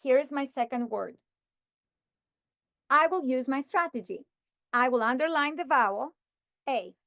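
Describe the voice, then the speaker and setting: High-voiced woman modeling phonics. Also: a bit bright, dry recording, clean studio sound. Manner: slow, deliberate sounding-out of words. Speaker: teacher trainer. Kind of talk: modeling a phonics lesson for teachers.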